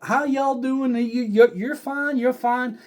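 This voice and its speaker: A sweet-talking Southern shop clerk put on by a man drawls in a put-on Southern US accent. Her voice sits far higher than his own, coaxing and gentle. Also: steady tone, slow pace.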